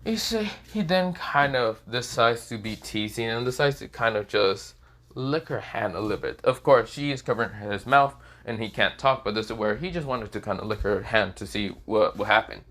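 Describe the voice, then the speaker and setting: A man's voice: on the low side, lively intonation, moderate pace, a bit bright. Rambling man improvising a story. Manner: rambling, filler-heavy. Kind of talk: improvised fan-fiction narration.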